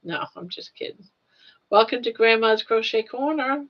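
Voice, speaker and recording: A woman's voice: fairly high pitch, animated, normal speed, highs cut off. An older woman hosting a casual live stream, chatting with viewers and cooing at her pet in baby talk with lots of giggles.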